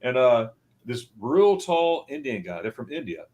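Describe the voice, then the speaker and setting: Rambling, lively-voiced man telling stories. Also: medium pitch, a little slow, lo-fi sound. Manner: rambling storyteller, acts out quoted voices. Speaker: host of a travel livestream. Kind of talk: casual chat.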